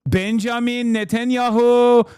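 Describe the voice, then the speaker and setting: A man's voice: very high voice, flat delivery, a little slow, a little mellow, smooth, dry recording, studio quality, voice pushed up. A man doing a put-on Persian accent, playing a gushing Iranian man in an exaggerated sing-song way.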